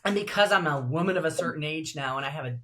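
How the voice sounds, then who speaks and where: Lively woman with a deep alto voice. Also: fast. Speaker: guest, broadcaster and voiceover actress. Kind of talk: casual interview chat.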